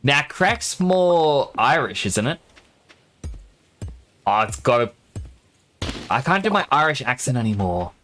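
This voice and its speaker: A man's voice: mid-range voice, very animated, unhurried, long pauses, fairly bright tone, soft background music. A sleepy young man streaming a game, chatting in a rambling way and laughing often. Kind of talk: casual gaming stream chat.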